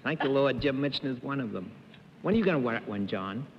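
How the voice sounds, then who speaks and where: A man's voice: mid-range voice, animated, fast talker. A man on a TV game show panel, asking questions and making wry quips. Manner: wry, quipping. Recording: dull 1950s TV studio sound with hall echo.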